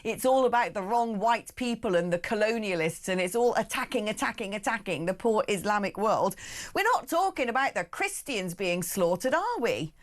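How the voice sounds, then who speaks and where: A woman hosting a radio talk show, speaking in a brisk, indignant way with sarcastic asides. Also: mid-range voice, expressive.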